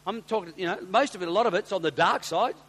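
An Australian man preaching as a pastor, telling personal stories and swinging from hushed asides to loud, excited exclamations. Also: high voice, fast, husky. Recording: long reverb of a large hall.

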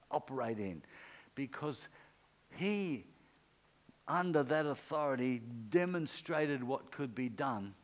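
Man preaching a conversational sermon. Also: low-quality recording. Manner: conversational, acts out quoted speech with pitch swings. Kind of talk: informal sermon.

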